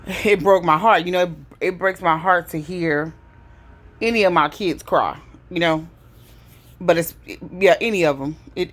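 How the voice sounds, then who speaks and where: A woman in her forties with a fairly low voice talks to her viewers. She is open and emotional, loops back over her own words and fills the gaps with casual asides. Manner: emotional, conversational, repeats herself. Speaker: vlogger. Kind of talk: personal storytelling.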